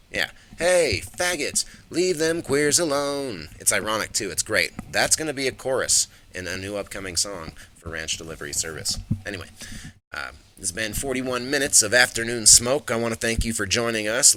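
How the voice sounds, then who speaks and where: A deep-voiced man hosts his own live talk stream and rants hard, swearing constantly. His tone is sharp, forceful and very tense, with a faint hiss of noise under it. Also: rough recording. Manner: profane, heated and emphatic. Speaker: host. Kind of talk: ranting livestream talk.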